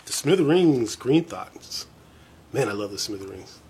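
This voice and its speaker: A man's voice: mid-range voice, expressive, unhurried, darkish tone, slight background noise. A man chatting casually to camera as a vlogger, rambling and enthusiastic with a self-deprecating streak. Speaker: vlogger showing his record collection.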